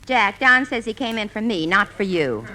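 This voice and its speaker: Sarcastic woman, radio comedy regular, bright and lively. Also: mid-range voice, normal speed, slight background noise. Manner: wry, sarcastic quips.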